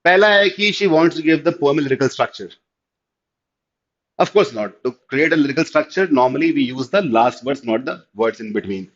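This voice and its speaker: A man with an Indian English accent teaching an online class, explaining step by step and often asking whether it is clear. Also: mid-range voice, expressive, fairly quick. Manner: explanatory, checks understanding with repeated "clear?", mixes in Hindi. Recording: slightly dull lo-fi audio.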